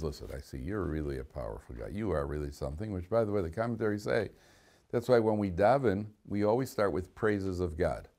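A man teaching a class as a rabbi, reading Hebrew verses, translating them and adding joking asides. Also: sits low. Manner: animated, joking asides, reads Hebrew text then translates. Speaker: rabbi teaching weekly Torah portion. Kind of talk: classroom lecture with humor. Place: study hall classroom.

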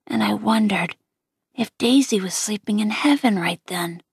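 A woman reading a first-person novel aloud in a quiet, gentle voice that often drops near a whisper. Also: mid-range voice, measured pace, vocal fry, breathy edge, no echo, studio quality. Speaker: audiobook reader.

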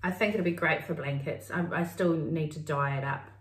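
New Zealand woman, low voice, roomy. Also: normal speed, a little hiss or hum. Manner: chatty, meandering, thinks aloud. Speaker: podcast co-host. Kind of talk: casual crafting chat. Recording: roomy, mic at a distance.

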